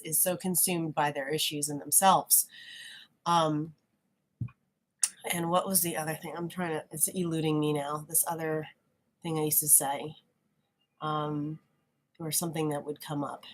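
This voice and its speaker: A woman vlogger in a casual, frank monologue, reflective and halting, often restarting her sentences. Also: fairly low pitch.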